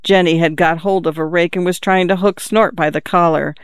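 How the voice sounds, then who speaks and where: An audiobook narrator reading a literary novel in a measured, even storytelling manner. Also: mid-range voice, clear, resonant tone, no echo, studio quality.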